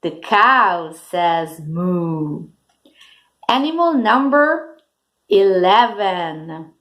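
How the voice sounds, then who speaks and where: A teacher speaks very slowly to young children, drawing each word out and spelling out its first sounds. Her pitch rises and falls a lot, and English is not her first language. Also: animated. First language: Italian. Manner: slow, deliberate, sounding out first letters for kids.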